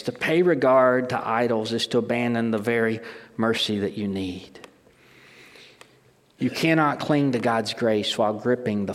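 A middle-aged man preaching a sermon in an ordinary mid-range voice. He talks emphatically, restarts his sentences and throws rhetorical questions at his listeners. His words echo with the long reverb of a large hall. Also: medium pitch. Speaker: pastor.

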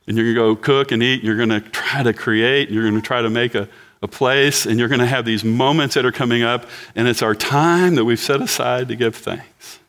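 A man's voice: mid-range voice, fairly bright tone. A man in his sixties preaching a sermon in a church, chatting and joking with the congregation. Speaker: pastor.

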